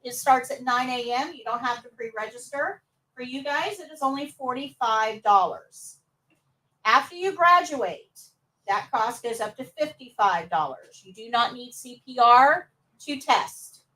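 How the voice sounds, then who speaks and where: A woman's voice: a little high, lively intonation, unhurried, sharp tone, recorded from a distance, rough recording. A woman teaching nursing assistant students in a live class, upbeat and coaxing answers from them.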